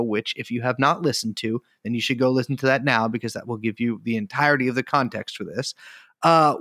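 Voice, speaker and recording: A man's voice: mid-range voice, a bit bright, no echo, studio quality. Sardonic, profane podcast host, a man. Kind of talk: casual chat.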